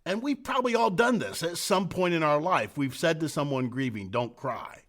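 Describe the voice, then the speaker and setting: A middle-aged man preaches a sermon in a slightly high voice that rises and falls widely. He stacks short emphatic repeated phrases, then drops to a soft hush for weight. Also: lively intonation, moderate pace. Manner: earnest, building emphatic repetitions then dropping to soft hushed phrases. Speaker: senior pastor.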